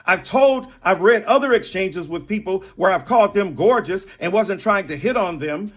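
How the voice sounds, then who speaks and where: A man with a notably high voice argues indignantly on air. He stacks up accusations word by word, emphatic and firm, in the manner of a heated televised debate. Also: animated, normal speed, fairly bright tone.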